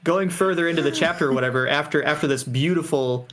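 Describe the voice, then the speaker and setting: Animated man musing aloud. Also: on the high side, fast. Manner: animated, speculative, lots of "right?". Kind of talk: casual chat.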